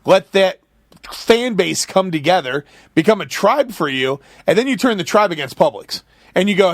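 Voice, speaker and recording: A man on a podcast as a guest, telling business stories in a lively, animated way and acting out quotes. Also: sits high, moderate pace, no room sound, clean studio sound. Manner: animated, storytelling with acted-out quotes. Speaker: guest, food company founder. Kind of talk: casual podcast chat.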